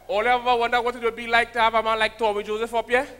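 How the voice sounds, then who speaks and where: A man's voice: extremely high pitch, flat delivery, rapid-fire, bright, forceful tone, clean tone. A man with a Trinidadian accent doing a stand-up comedy set, telling stories with quoted voices and punchy delivery. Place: comedy stage in a hall. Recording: live stage with long hall reverb.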